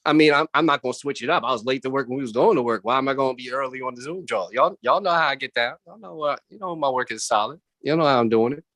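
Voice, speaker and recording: A man doing animated stand-up comedy over a video call from home, jumping into voices of family and coworkers. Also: mid-range voice, quick pace, few pauses, no echo, clean studio sound. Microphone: computer mic on a video call.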